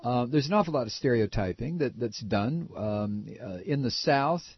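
An older man from Ohio with a nasal voice, talking casually and halting with many repeated restarts. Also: medium pitch, animated, husky, no echo. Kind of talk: casual opinion talk. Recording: dull lo-fi recording.

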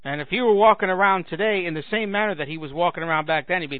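A man's voice: high-pitched, rapid-fire, no room sound, narrow, tinny audio. A man hosting a talk show, delivering a sarcastic comedic monologue with a ranting manner. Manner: sarcastic ranting with mocking put-on voices. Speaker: radio talk host.

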